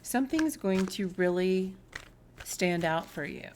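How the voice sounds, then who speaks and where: A woman giving a spiritual tarot reading, telling a personal story in an earnest, heartfelt way and sometimes dropping to a soft whisper. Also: medium pitch, expressive, measured pace, slight background noise. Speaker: tarot reader.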